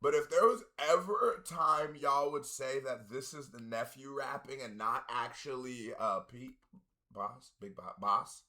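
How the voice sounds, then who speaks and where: A man reacting to a rap song in casual commentary, often bursting into loud, high exclamations. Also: measured pace. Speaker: music reaction YouTuber.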